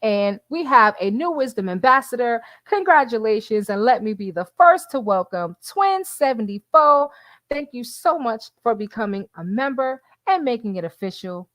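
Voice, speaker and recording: A woman's voice: a little high, expressive, normal speed, fairly bright tone, dry recording. Woman livestream host, casual chat, laughs a lot, dry close sound. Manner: chatty, laughs often, addresses viewers as y'all.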